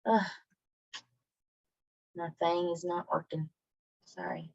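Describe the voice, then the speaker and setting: A woman's voice: on the low side, fairly even intonation, moderate pace, dry recording, muffled recording. Friendly woman teaching Spanish online. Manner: friendly, apologetic, chatty explaining. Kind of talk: online class lesson. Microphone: video call.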